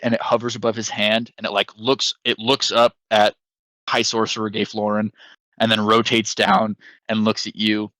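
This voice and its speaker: A man's voice: lowish voice, monotone, moderate pace, sharp tone, dry recording, low-quality recording. A young man narrating a tabletop game as game master, loose and full of fillers and sound effects.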